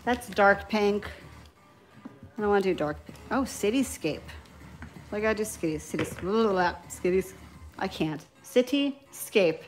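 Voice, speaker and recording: A woman's voice: mid-range voice, animated, a little slow, long pauses. Picture a scattered, giggly woman in her thirties with a New York accent, talking live to her viewers while she paints nail swatches. She's a little tipsy from wine and keeps losing her train of thought. Faint music plays behind her. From New York, Long Island. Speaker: nail beauty YouTuber. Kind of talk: casual live stream chat while swatching.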